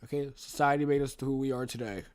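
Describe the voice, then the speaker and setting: A man's voice: medium pitch, steady tone, fast talker, a little mellow. A young man chatting casually and reading a novel aloud. He rambles, restarts his sentences and talks to himself.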